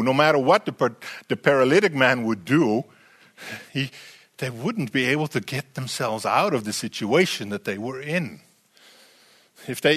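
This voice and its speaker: An animated man delivers a sermon, his slightly high voice swinging widely between high and low. He keeps putting rhetorical questions to his listeners and often repeats a word before pressing on. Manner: frequent repeated words and restarts. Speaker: preacher.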